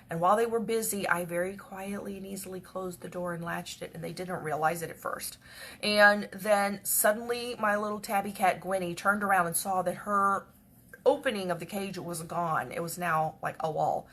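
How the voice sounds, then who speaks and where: A woman telling a personal story in a chatty, repetitive way that often drops to a hush. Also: medium pitch, fairly even intonation, normal speed. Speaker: devotional speaker.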